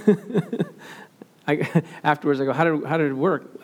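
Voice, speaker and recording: A man's voice: fairly high pitch, fairly quick. An older man preaching a sermon in a conversational way, telling everyday stories and acting out what people said. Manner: conversational storytelling, acts out quotes.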